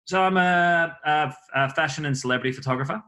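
An Australian man talks fast as a podcast guest, loose and offhand with casual swearing. His voice has a bright, sharp edge, and he rattles words out quickly. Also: a little high. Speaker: guest, photographer.

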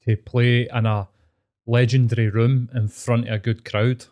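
A man's voice: mid-range voice, little pitch movement, unhurried, a little mellow. A Scottish man in his thirties co-hosting a podcast, chatting in an easygoing, sweary way. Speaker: podcast co-host. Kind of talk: casual chat.

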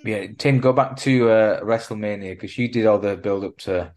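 A man co-hosting a wrestling podcast in casual chat, rambling and jokey with quick asides. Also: on the low side, darkish tone. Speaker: podcast co-host.

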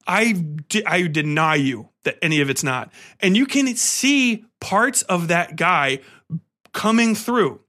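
A man's voice: high voice, animated, slow pace, sharp tone. A man hosting a podcast, retelling a film's plot in a casual, rambling review with many fillers and restarts. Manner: rambling, filler-heavy storytelling. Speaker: podcast host. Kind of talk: casual film review monologue.

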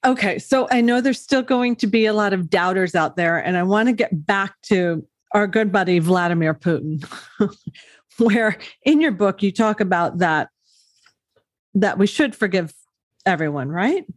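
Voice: mid-range voice, lively intonation, a little slow, no echo. Interviewer, dry close sound. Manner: brief prompts and backchannels.

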